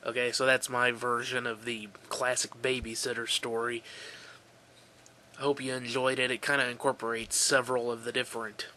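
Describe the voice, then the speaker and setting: A man reading a creepy story aloud in a relaxed, offhand way, correcting his own slips. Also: mid-range voice, normal speed, slight background noise.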